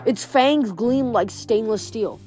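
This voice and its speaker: A woman reading a novel aloud in a steady storytelling voice, with small slips and restarts. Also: on the high side, slow pace. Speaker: reader.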